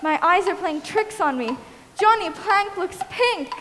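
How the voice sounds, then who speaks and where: A woman's voice: very high-pitched, lively intonation, unhurried, fairly bright tone, full character voice. A woman on a school stage playing a theatrical, blustering pirate captain, recorded in an echoey hall. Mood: pompous. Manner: theatrical, exclaiming. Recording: echoey hall, faint noise.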